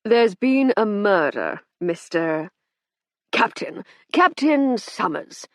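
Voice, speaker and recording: A woman's voice: mid-range voice, very animated, slow pace, no room sound, studio quality. A woman doing a polite, firm police inspector. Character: male police inspector, plain-spoken, dutiful.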